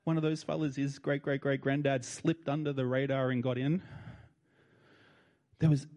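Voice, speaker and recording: An older Australian man tells a personal story with plain, heartfelt emotion and casual turns of phrase. His mid-pitched voice carries a long reverb from a large hall. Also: little pitch movement, moderate pace, darkish tone. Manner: colloquial and heartfelt, with feeling in his voice. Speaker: speaker addressing an audience.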